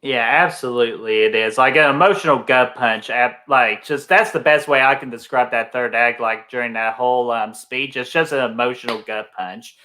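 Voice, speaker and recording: A man's voice: mid-range voice, normal speed, few pauses, bright, forceful tone. A man co-hosting a casual movie review chat, earnest, with many fillers. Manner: earnest, filler-heavy talk with many likes and ums.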